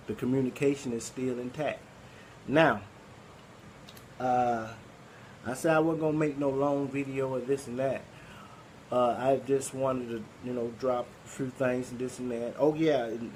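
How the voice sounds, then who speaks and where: A man's voice: medium pitch, darkish tone, slight background noise, low-quality recording. A man with a Southern Arkansas accent hosting a poetry group, talking casually and rambling with many fillers and restarts. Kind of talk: casual live-stream talk.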